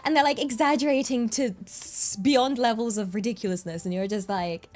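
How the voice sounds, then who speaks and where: A woman's voice: fairly high pitch, normal speed, hardly any pauses, darkish tone, faint music behind. A young woman streaming from her desk microphone, chatting casually in a rambling way and laughing often. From England. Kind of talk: casual chat.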